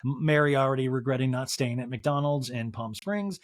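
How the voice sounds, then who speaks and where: A man's voice: mid-range voice, normal speed. A man hosting a podcast, recapping a TV episode comically with gossipy, wry asides. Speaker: podcast host. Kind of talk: comedic solo TV recap.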